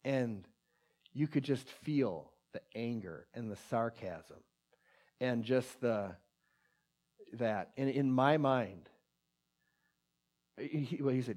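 A man preaching in a conversational way, retelling a personal story with many restarts and a hushed voice for quoted prayer. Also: mid-range voice, animated, takes it slowly, pauses often. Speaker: pastor.

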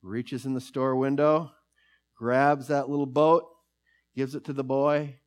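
A man preaching a sermon, reading scripture aloud and telling a story with slow, emphatic pauses. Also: medium pitch, fairly even intonation, darkish tone. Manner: reads scripture passages aloud.

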